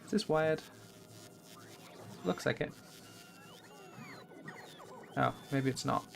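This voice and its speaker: A man's voice: mid-range voice, takes it slowly, vocal fry, faint music behind. A man streaming a game live, rambling and thinking aloud with many fillers. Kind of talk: live gameplay commentary.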